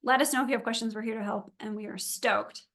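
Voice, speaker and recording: A woman's voice: fairly high pitch, fairly even intonation, fast, creaky, a bit bright. A woman briefing a virtual meeting for event volunteers and drivers, upbeat, chatty and practical. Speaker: event organizer.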